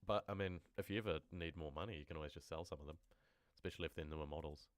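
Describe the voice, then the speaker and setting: A man with a very deep, low voice reads horror stories on a live stream. He drifts into casual, rambling chat with viewers between passages. The mic is close and dry, with no room sound. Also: rapid-fire, no room sound. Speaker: horror story narrator and streamer.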